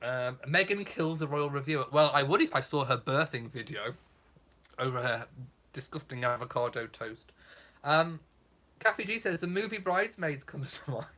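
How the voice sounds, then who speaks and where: A man's voice: on the high side, moderate pace, bright, forceful tone. A man hosting a casual live chat, reading out viewer comments in a camp, theatrical, self-mocking way.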